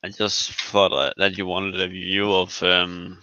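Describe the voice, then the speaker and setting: A man's voice: low voice, completely flat delivery, a little slow, lo-fi sound, noisy background. A man hosting a casual live stream, talking in a laid-back way that leans on "literally" and long fillers.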